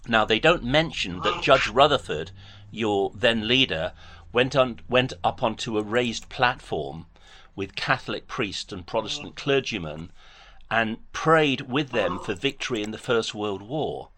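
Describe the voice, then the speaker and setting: A man's voice: fairly low pitch, expressive, measured pace, bright, forceful tone. Guy calling in, polite and formal, reads off dates and page numbers real carefully. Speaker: caller. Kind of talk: phone debate.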